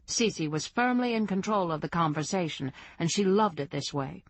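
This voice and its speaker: A woman reading a first-person novel aloud as a steady audiobook narrator. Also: lowish voice, moderate pace, few pauses, no echo. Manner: reads in first person, lightly voicing characters. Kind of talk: scripted narration.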